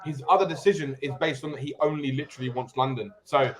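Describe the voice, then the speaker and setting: A man's voice: medium pitch, steady tone, fast talker. A man in casual chat, insistent and repeating his points.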